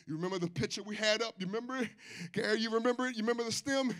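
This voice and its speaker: High, bright-voiced fervent male preacher. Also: rapid-fire. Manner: fervent preaching, swings between shouted chanting and low asides. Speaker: pastor. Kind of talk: sermon. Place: church service.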